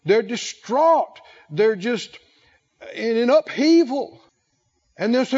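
A male pastor preaching a sermon, emphatic, with drawn-out phrasing and call-and-response. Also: very high-pitched, expressive, a little mellow, highs cut off.

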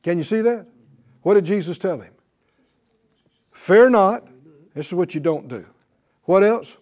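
High-pitched guy preaching slow to a bible class, mellow tone, keeps asking them questions. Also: expressive. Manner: emphatic and repetitive, questioning the class. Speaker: Bible teacher. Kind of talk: sermon-style Bible class teaching.

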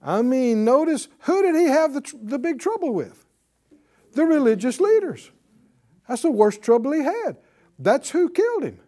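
A Bible teacher giving a broadcast lesson in an animated, conversational way, asking the audience questions and chuckling while teaching. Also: sits high, normal speed.

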